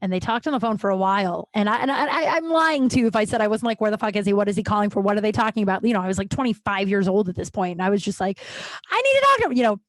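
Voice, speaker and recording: A woman in the middle range of pitch hosts her own podcast and tells a personal story straight to the listener. She is chatty and casual, fills her sentences with "like", and briefly acts out the people she quotes. The recording is dry and close, with no room around her voice. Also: rapid-fire, hardly any pauses, dry recording. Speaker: podcast host.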